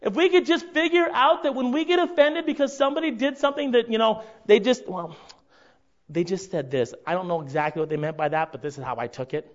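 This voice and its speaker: A man preaching a conversational sermon to his congregation, often checking in with a quick "right?". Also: high voice. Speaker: pastor. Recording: dull lo-fi recording.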